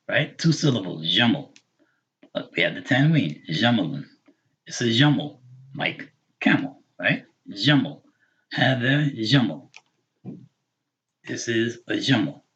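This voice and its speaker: A man teaching a live online language lesson, patiently repeating words slowly for learners. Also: medium pitch, very animated, a bit bright, slightly rough, muffled recording. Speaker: Arabic teacher.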